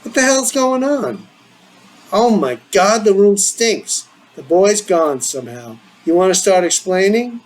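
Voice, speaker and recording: Man voicing an angry, demanding adult; push the voice up high. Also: big pitch swings, measured pace. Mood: exasperated. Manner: exasperated, demanding.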